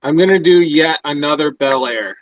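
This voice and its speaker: A man hosting a casual livestream while building a model, relaxed and laughing often. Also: a little high, moderate pace, crowd noise. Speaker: host building a hobby model. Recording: dry lo-fi sound.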